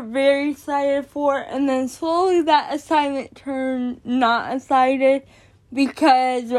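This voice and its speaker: A woman hosting a podcast, telling a personal story in casual talk, exasperated and swearing now and then. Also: high voice. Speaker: podcast host.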